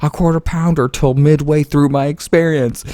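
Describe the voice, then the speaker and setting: Man doing a furious woman customer, high shrill squeal, indignant, tantrum-prone. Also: steady tone, moderate pace, dark tone, dry recording, lightly acted. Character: irate middle-aged woman customer throwing a tantrum.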